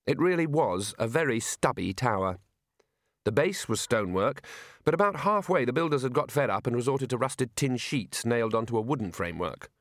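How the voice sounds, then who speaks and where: A man narrating an audiobook in a lively, expressive storytelling manner. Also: mid-range voice, brisk, no room sound, studio quality.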